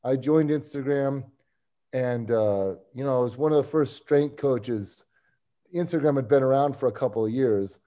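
A man's voice: mid-range voice, moderate pace, dark tone. A man, a strength coach and podcast guest, recounting his career in an easygoing, rambling way, chuckling often. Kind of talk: casual interview storytelling.

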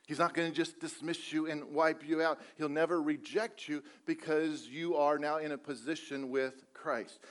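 A man preaches a sermon at a church service in a fairly high voice. He talks earnestly and repeats his points, asking the congregation rhetorical questions. Now and then he drops in a light joke. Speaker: pastor.

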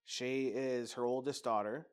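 A man's voice: medium pitch, fairly even intonation, measured pace, clear, resonant tone. A man telling a personal story in casual, rambling talk, candid and peppered with swearing.

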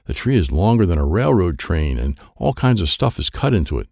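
Animated, gravelly male storybook narrator. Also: low-pitched, a little fast, no room sound. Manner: animated, playful sound effects. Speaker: audiobook narrator. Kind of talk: reading a children's chapter book.

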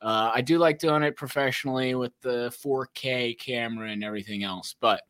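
A man hosting a podcast, telling stories in a chatty way with quick asides and plugs. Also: mid-range voice, fairly bright tone, dry recording. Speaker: podcast host. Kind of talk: casual chat.

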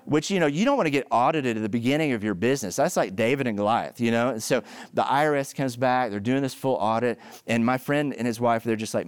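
A middle-aged man preaches with lively, emphatic storytelling, his voice climbing high and loud at the peaks before settling back. His pitch sits in an ordinary middle range. The sound is dry and close, with no room echo. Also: quick pace, clean tone. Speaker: pastor. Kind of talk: sermon.

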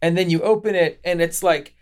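A man's voice: on the high side, steady tone, brisk. A man casually chatting as a podcast co-host, playful and argumentative, laughing often. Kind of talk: casual chat.

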